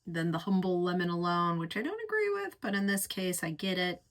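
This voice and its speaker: A woman's voice: fairly low pitch, lively intonation, a little fast, a bit bright. A woman reviewing perfumes in a casual, effusive chat, painting vivid pictures and lingering over her words. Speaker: fragrance reviewer.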